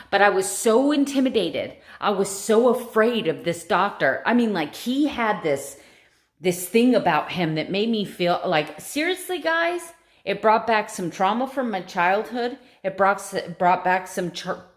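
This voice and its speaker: A middle-aged woman from the United States talks straight to camera in a casual vlog. She is chatty and confiding, and her voice sits at an ordinary pitch for a woman. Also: animated, a little slow. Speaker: vlogger.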